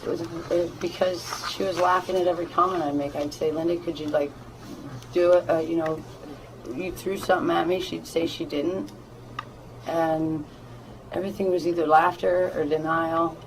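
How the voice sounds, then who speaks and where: A woman, an employee answering questions at a hearing, speaking quietly and softly. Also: low-pitched, steady tone, normal speed. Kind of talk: testimony. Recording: noisy distant room recording.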